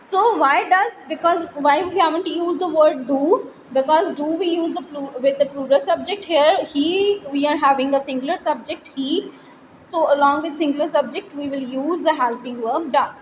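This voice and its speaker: A woman's voice: high voice, moderate pace, lo-fi sound. A woman with an Indian English accent teaching a grammar lesson, explaining step by step and reading example sentences aloud. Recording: reverberant room with faint noise.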